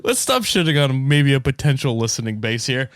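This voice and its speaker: A man from the United States hosting a comedy podcast, telling a story in a loose, animated way. He laughs often and swears casually. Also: mid-range voice, a little fast, dry recording, clean studio sound. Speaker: podcast host.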